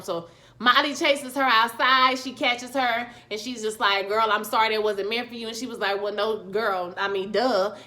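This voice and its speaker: A woman with talks through a TV episode recap in a lively, sassy way. Her voice sits high and bright. She exclaims freely and speaks straight to her viewers. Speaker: YouTube TV recap host. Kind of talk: casual spoken show review.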